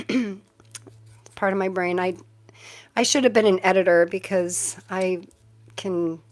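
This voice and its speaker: A woman's voice: medium pitch, steady tone, measured pace. A middle-aged woman hosting a casual live-stream tarot reading, chatty and easily sidetracked, often breaking into giggles.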